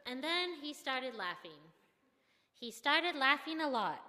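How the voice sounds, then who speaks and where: Slow, candid young woman storyteller. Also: high voice, long reverb tail. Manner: candid, self-deprecating, expressive. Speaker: seminary student. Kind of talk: personal storytelling.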